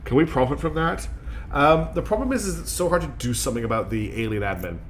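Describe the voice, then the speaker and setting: His voice fairly high and swinging widely in pitch, a worn-out man talks fast over slight background noise. He's casually commentating a strategy game stream, rambling with plenty of fillers and self-deprecating remarks.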